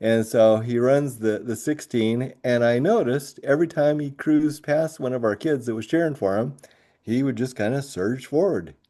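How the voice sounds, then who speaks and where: A man with a mellow, warm-toned voice recounts a story from his years as a coach. He tells it in an animated, lively way and keeps breaking into laughter. His pitch sits at a middle level for a man. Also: moderate pace. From grew up moving around as a military kid. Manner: animated storyteller who laughs often through his tale. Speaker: high school track coach and teacher. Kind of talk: storytelling in a podcast interview.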